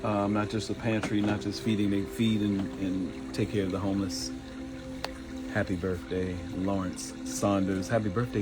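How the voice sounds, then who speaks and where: A middle-aged man from Baltimore hosting a live stream, animated and chatty, greeting viewers by name and joking. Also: deep voice, moderate pace, over music. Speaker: live show host. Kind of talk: live-stream casual chat.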